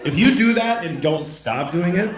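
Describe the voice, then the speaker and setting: A man doing a stand-up comedy set, telling stories deadpan and breaking into loud acted-out voices. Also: high voice, moderate pace, background noise. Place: theater stage before a laughing audience. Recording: roomy live venue with crowd laughter.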